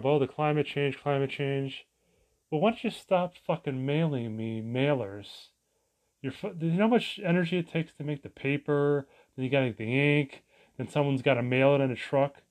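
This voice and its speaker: A man's voice: medium pitch, a little mellow. A man vlogging a casual, rambling rant, exasperated and profane, full of restarts and asides.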